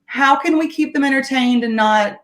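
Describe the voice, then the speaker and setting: A middle-aged woman with a fairly high voice talks quickly and brightly as she walks through a recipe. She keeps up a friendly, chatty patter and laughs often, speaking from a home kitchen on a live stream. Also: slight background noise. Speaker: guest home cook sharing meal tips. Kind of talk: casual live-stream cooking demo.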